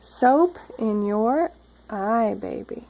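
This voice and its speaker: Slow, gravelly woman reading aloud. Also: on the high side, animated, rough recording. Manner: coaxing, gently prompting the child. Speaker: mother reading to her toddler. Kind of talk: reading a picture book aloud to a child.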